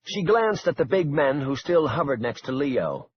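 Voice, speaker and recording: A man narrating a suspense audiobook in an expressive, dramatic way. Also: on the high side, normal speed, lo-fi sound, a little hiss or hum.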